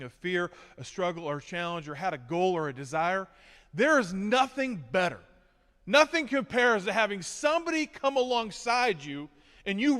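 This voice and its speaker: Bright, high-voiced comic man on stage. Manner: animated, comic, chatty. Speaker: motivational speaker. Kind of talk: humorous storytelling talk on stage. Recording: echoey hall reverb.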